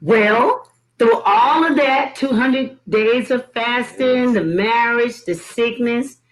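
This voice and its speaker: A woman's voice: a little high, takes it slowly, poor audio. Affirming woman interviewer. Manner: affirming, with hesitant fillers. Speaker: interviewer, ministry leader. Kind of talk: warm praising interview talk.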